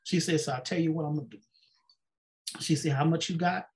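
In a sit-down interview, a pastor appearing as a guest shares his personal testimony, acting out conversations and saying "she said" again and again. His voice is on the high side, his tone steady, and his pace fairly quick.

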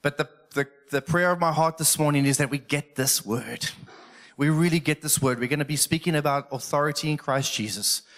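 A man's voice: fairly high pitch, a little fast, a bit bright. A middle-aged male pastor preaching a conversational sermon from a church stage, earnest and emotional.

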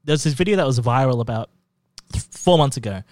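A man's voice: mid-range voice, expressive, quick pace, a little mellow, no room sound. A young man chatting casually about movies, rambling and giggly, often going off on tangents. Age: young adult.

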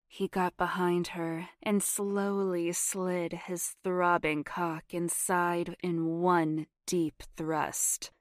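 Slow, soft-spoken woman narrating erotica. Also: fairly low pitch, flat delivery, no room sound, clean studio sound. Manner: soft, half-whispered and sensual.

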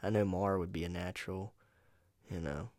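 A North Carolina man hosts his own podcast alone, rambling casually, swearing freely, and sounding laid-back. His low voice stays steady and a little mellow at a normal pace, and the home USB microphone makes it close and dry, with no room echo.

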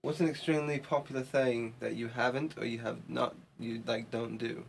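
A man's voice: medium pitch, fairly even intonation, normal speed, creaky, slight background noise. A man co-hosting a podcast in laid-back, rambling casual chat. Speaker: podcast co-host.

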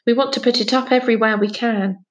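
A woman's voice: a little high, fairly even intonation, quick pace, natural voice. A woman doing an eager young girl.

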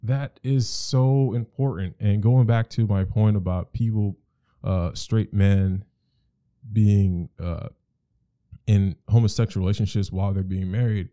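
A man with a low-pitched, very dark and mellow voice in casual podcast conversation. He talks in a loose, rambling way and leans hard on his points. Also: steady tone, unhurried, no room sound, clean studio sound.

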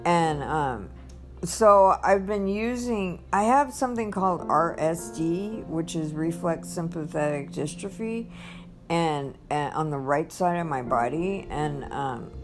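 A woman with a lower voice tells a story at an unhurried pace. Her pitch swings widely as she rambles and restarts. Faint music plays behind her. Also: lively intonation. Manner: rambling, with many restarts and acted-out quotes. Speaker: vlogger. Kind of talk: casual storytelling monologue.

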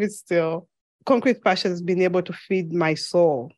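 A woman's voice: on the low side, steady tone, moderate pace, darkish tone, dry recording. A woman from Zambia with a slight lisp, a podcast guest telling her story in an earnest, reflective way in a casual interview.

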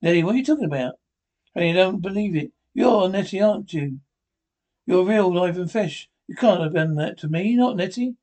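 An actor playing an anxious, earnest middle-aged husband in a 1950s radio drama. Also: male voice, high-pitched, expressive, fairly quick, darkish tone. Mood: frightened. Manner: earnest, rattled.

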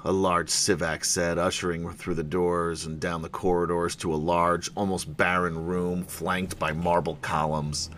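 A man's voice: sits low, level tone, measured pace, few pauses, fairly bright tone, a little hiss or hum. A man running a tabletop fantasy game as game master, narrating and joking at his own expense. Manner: jokey, self-deprecating, many fillers.

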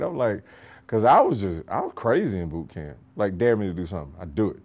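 A man's voice: low voice, fairly quick, highs cut off. A middle-aged man telling stories casually on a podcast, swearing freely and laughing often. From rural United States. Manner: profane, animated, laughs often. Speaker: podcast storyteller, martial arts master. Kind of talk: casual storytelling.

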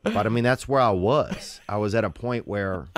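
A man calmly telling stories and giving advice in a matter-of-fact way. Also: fairly low pitch, moderate pace, no room sound. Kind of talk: casual storytelling and advice.

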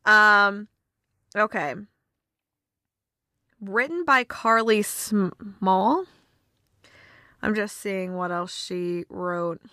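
A woman's voice: mid-range voice, drawn-out words, pauses often, bright, forceful tone, dry recording, clean studio sound. A woman reviewing holiday movies in a casual, gushing, emotional chat, with lots of fillers.

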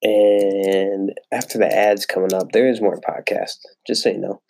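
A man's voice: lowish voice, flat delivery, normal speed, gravelly, a little mellow. A young man hosting a casual solo sports podcast, rambling and swearing freely with lots of fillers. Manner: rambling and profane, with frequent fillers. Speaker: podcast host.

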